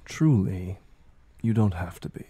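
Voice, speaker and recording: A man voicing a calm, cold woman mind mage in armor, in a tabletop horror game. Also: low voice, measured pace, slightly rough, no echo, heavily acted. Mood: dismissive.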